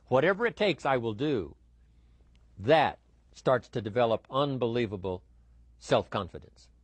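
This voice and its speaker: A man delivering a motivational talk with a middle-pitched voice. He speaks in an emphatic, repeating cadence, building point on point. Faint music plays under his words. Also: dry recording. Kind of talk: motivational speech.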